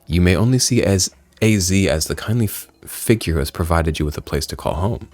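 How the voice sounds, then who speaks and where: A man reading out a video game's dialogue in a put-on deep voice, playing a solemn former member of a villain group. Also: lively intonation, a little fast, a little mellow, no echo. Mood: grave. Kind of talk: reading game dialogue aloud.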